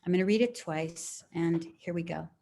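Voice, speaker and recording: A middle-aged woman leading a live writing lesson over a video call, speaking in a relaxed, encouraging way and reading poems aloud slowly. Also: on the low side, gravelly. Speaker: writing teacher.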